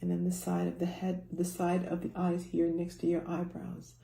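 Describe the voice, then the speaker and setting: A woman with a low, gravelly, mellow voice guides a tapping exercise step by step. She speaks calmly and instructively, now and then dropping softer to voice the listener's self-talk. The recording sounds echoey, as if in a bare room. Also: moderate pace. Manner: calm, instructive, softly voicing example self-talk. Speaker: personal success coach.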